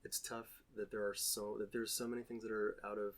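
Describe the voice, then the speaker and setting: Thoughtful low-voiced male actor guest. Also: level tone. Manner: thoughtful, measured, searching for words. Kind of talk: casual podcast chat.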